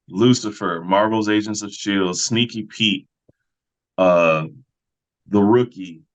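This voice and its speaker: An actor and fight coordinator with a deep voice tells well-worn stories in a casual podcast interview. He's relaxed and acts out other people's voices, and the lo-fi recording sounds slightly dull.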